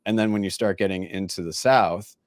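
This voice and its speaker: An American podcast host runs a casual interview, chatty and self-deprecating, switching between French and English. His voice is low with a steady tone, he talks fairly quickly, and the recording is dry.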